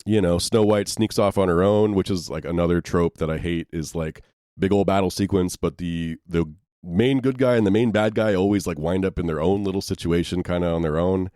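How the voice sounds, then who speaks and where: Deep-voiced rambling male co-host. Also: a little fast, few pauses, darkish tone, no room sound, studio quality. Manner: rambling, many fillers. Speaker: podcast co-host. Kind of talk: casual movie review chat.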